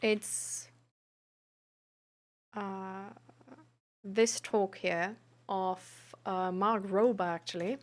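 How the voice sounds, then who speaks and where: A woman streamer and peer support coach, chatting frankly and reflectively with her audience, pausing often with fillers. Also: medium pitch, fairly even intonation. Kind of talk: casual live-stream chat about mental health.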